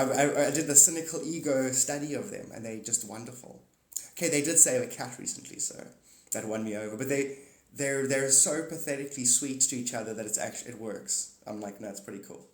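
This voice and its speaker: A man's voice: medium pitch, fairly quick, echoey room, low-quality recording. A man streaming live, chatting in a rambling, joking and cynical way, sometimes acting out little voices.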